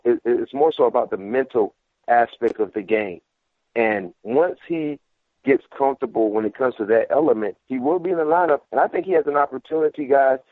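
A man's voice: mid-range voice, dry recording. A man, a former football player, giving casual sports analysis over the phone and acting out trash talk with energy. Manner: animated, mimics trash talk. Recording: tinny phone line.

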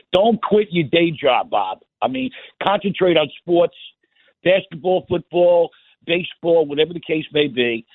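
A man's voice: a little high, no echo. A man calling in to a radio show, chatty and rambling, with plenty of fillers. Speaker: caller. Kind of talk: call-in radio chat. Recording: tinny phone line.

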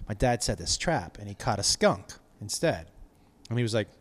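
A man's voice: fairly low pitch, moderate pace. A man hosting a casual chat, telling anecdotes with lots of swearing. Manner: animated storyteller, swears freely.

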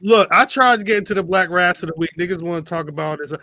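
A man hosts a casual podcast among friends, loud and joking, swearing freely. His voice sits a touch high and rings bright and forceful. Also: fast, low-quality recording. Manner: loud, joking, profane banter. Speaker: podcast host. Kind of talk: casual chat.

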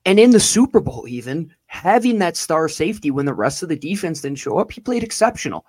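Emphatic podcast guy, voice swings up and down a lot, kinda high, dead dry sound. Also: big pitch swings, a little fast, a little mellow, breathy edge, dry recording. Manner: emphatic, drawing words out for effect. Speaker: podcast co-host. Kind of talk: sports podcast chat.

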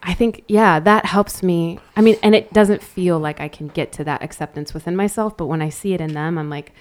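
A woman with a fairly low voice shares a personal story in a casual chat. She tells it candidly and with animation, in a lively, conversational way. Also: brisk.

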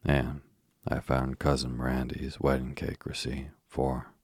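Man reading as a kindly old neighbor lady, homely talk, low husky voice, dry sound. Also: completely flat delivery, takes it slowly, darkish tone, no room sound, exaggerated voice. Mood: cheery. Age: older. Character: kindly old woman neighbor, cheerful grandma.

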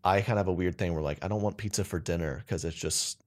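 Low-voiced young man joking around. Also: quick pace. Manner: rambling, jokey, slips into silly put-on accents. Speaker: podcast co-host. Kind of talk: casual comedic chat.

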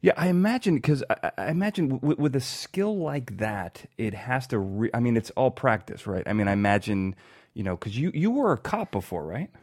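A man's voice: mid-range voice, lively intonation, a little fast, darkish tone, no echo, studio quality. A man hosting a podcast interview, chatty and self-mocking, often restarting his sentences. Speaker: podcast host.

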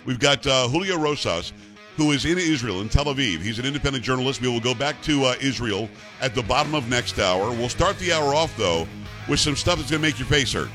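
A middle-aged man hosting a talk radio show, speaking in a brisk, emphatic, bantering way. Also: mid-range voice, animated, music in the background.

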